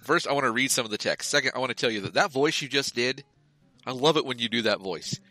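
A man co-hosts a casual podcast, ribbing his friend and breaking into laughter often. His voice is bright and forward at a middle pitch. The sound is dry and close, with no room around it. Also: fast, dry recording, soft background music. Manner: laughs often, teasing and animated. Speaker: podcast co-host. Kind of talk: casual chat.

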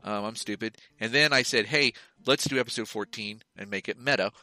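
A man's voice: on the low side, brisk, bright, forceful tone, dry recording. A man co-hosting a podcast in casual chat, teasing his friend and laughing often. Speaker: podcast co-host.

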